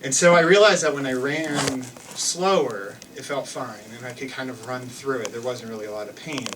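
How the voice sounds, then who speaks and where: This young live storyteller speaks at normal speed in a mid-range voice, heard through a distant mic over a noisy background. Performing on a theater stage for an audience, he recounts something personal, loosely and self-mockingly, with frequent restarts and fillers.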